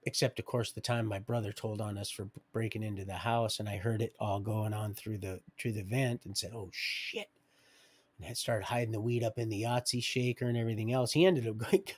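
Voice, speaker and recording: A man's voice: lowish voice, steady tone, fast, hardly any pauses, a little mellow. A middle-aged man telling his own life story on a live stream, digressive and loose, chuckling as he goes. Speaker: livestream storyteller. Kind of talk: rambling personal storytelling.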